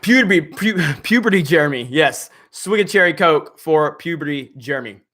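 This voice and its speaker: A hoarse man who is losing his voice, hosting a livestream and reading viewer comments in a rambling, halting way. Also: a little high, animated, a bit bright. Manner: rambling, halting, full of fillers. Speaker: livestream host.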